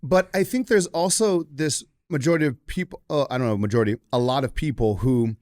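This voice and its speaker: A man's voice: medium pitch, brisk, darkish tone. Blunt man talking on a podcast. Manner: candid, blunt, with frequent profanity and restarts. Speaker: podcast host. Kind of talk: casual podcast conversation.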